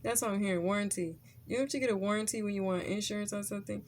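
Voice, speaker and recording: A woman's voice: medium pitch, fairly even intonation, racing, a little hiss or hum. A woman giving a casual tarot reading, blunt and profane, who laughs often and keeps checking in with "okay?". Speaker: tarot reader.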